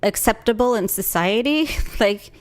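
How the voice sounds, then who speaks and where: A woman co-hosting a podcast, trading quick quips in casual chat and laughing easily. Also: on the high side, lively intonation. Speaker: podcast co-host.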